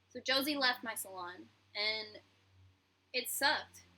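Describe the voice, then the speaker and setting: A woman's voice: on the high side, steady tone, normal speed, sharp tone, poor audio. A young woman, a YouTuber and hairstylist, telling a candid, profane story in a casual vlog and acting out the dialogue.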